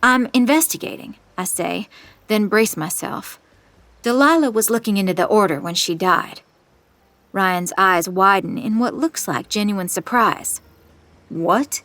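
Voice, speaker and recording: A woman's voice: medium pitch, measured pace, fairly bright tone, no room sound. A woman narrating in the first person with tense, suspenseful delivery, on a close studio mic. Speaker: audiobook narrator.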